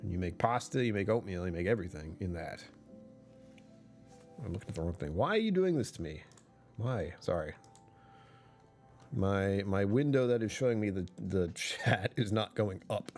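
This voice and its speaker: A man's voice: sits low, normal speed, long pauses, a little mellow, faint music behind. A man chatting casually on a livestream, rambling and correcting himself, often laughing mid-sentence.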